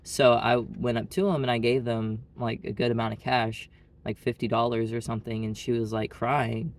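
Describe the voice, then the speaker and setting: This male vlogger, an Arkansas native with a Southern US Arkansas accent, has a mid-range voice with little pitch movement and a moderate pace. His storytelling is a blunt, casual, wandering monologue filled with "like".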